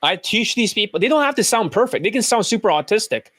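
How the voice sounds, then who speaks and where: A dating coach ranting angrily and swearing while commenting on video clips. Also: male voice, sits high, very animated, fast talker, a bit bright, no room sound. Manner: profane, ranting, combative. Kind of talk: angry commentary over clips.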